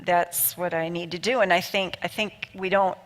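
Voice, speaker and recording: A woman's voice: lowish voice, fairly even intonation, normal speed. A woman hosting a church talk show, encouraging and preacherly as she asks guests questions. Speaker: host.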